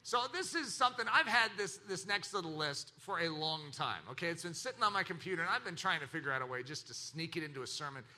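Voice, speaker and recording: Man, pastor preaching a sermon, high voice, very animated pitch, dramatic loud and soft swings. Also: fast talker, hardly any pauses. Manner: animated preaching with acted laughter and quoted voices.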